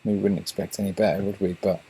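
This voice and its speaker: A man's voice: sits low, flat delivery, quick pace, dark tone, slightly rough. An English man hosting his own channel, talking to viewers in a meandering monologue full of restarts and fillers. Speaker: channel host.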